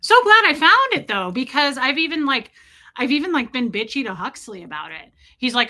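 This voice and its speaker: A woman in her thirties chatting casually as a vlogger, self-mocking and prone to loud dramatic outbursts. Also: high voice, sing-song, a little fast. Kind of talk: casual chat.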